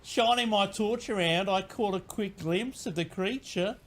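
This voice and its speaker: A man's voice: sits high, measured pace, fairly bright tone, voice pushed up. A man reading out a listener's spooky story as an Australian woman, in an exaggerated put-on Australian accent. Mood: storytelling.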